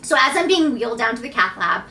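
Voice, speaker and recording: A woman in her thirties telling a personal story to camera in a candid, animated way, acting out what people said. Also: a little high, fast talker, recorded from a distance. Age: 30s. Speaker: vlogger.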